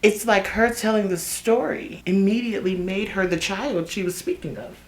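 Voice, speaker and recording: A young woman telling a story in a chatty, animated way while getting ready, with asides to her viewers. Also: medium pitch, normal speed, heavy background noise. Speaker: vlogger. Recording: roomy echo.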